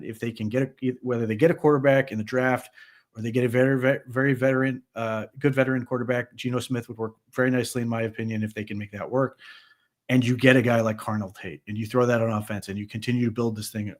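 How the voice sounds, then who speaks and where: A man co-hosting a sports podcast, giving animated, conversational post-game analysis with frequent restarts. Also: medium pitch, fast.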